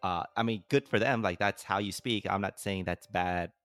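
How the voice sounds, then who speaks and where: Low-voiced Bay Area man, casual podcast chat. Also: moderate pace, a bit bright, no echo, soft background music. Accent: Bay Area American. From San Jose, California. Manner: rambling, self-interrupting, laughs easily. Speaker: podcast co-host.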